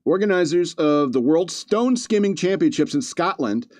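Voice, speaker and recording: A man's voice: a little high, expressive, normal speed, darkish tone, no echo. Chatty male podcast host, dry mic. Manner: chatty, reads news aloud with asides and chuckles. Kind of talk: casual comedic commentary.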